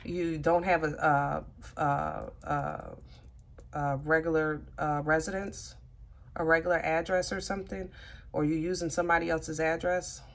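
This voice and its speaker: A woman's voice: low-pitched, a little slow. A woman giving a casual tarot reading, thinking aloud and talking to her cards as she goes. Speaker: tarot reader.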